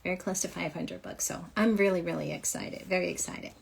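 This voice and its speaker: A woman's voice: fairly low pitch, fairly even intonation, a little fast, creaky, husky. Chatty upbeat woman hosting a livestream. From Michigan. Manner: upbeat, chatty, laughs often. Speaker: host of a children's author show. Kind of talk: casual livestream chat.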